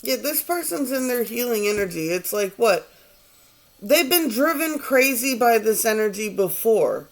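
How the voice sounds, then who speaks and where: A man's voice: very high-pitched, sing-song, measured pace. A man in his forties giving a casual tarot reading, rambling, swearing and sounding exasperated. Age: 40s. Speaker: tarot reader.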